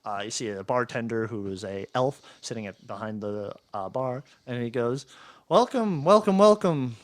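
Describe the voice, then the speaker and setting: A man's voice: fairly low pitch, fairly even intonation. Laughing, rambling game master man. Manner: rambling, hesitant, quick to laugh. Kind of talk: casual tabletop narration.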